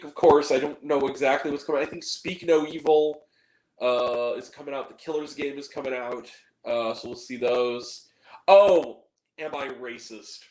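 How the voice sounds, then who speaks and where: A man's voice: medium pitch, reverberant, poor audio. A man hosting a movie review video, rambling casually with plenty of fillers and casual swearing.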